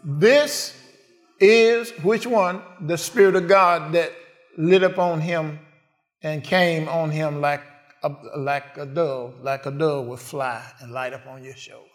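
A man's voice: a little high, fairly even intonation, measured pace. A man preaching a sermon in a call-and-response way, asking the congregation questions and answering them.

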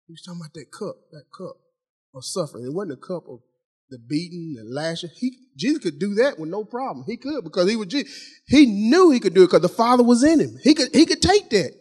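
A middle-aged man delivers a sermon in a notably high voice. He preaches in a folksy, conversational manner, speaking directly to his congregation. He repeats key phrases again and again for emphasis. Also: lively intonation, a little fast, a little mellow, slightly rough. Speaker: pastor.

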